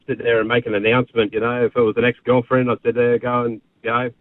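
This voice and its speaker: A man calling into a radio show, telling an old work story in a relaxed, hesitant way over the phone. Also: medium pitch, quick pace, no room sound. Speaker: caller. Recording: tinny phone line.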